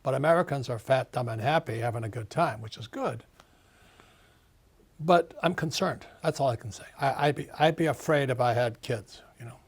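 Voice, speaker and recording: Husky and mid-range, the voice of this seventy-something author moves at normal speed. As an interview guest he rants emphatically, acting out the voices he quotes.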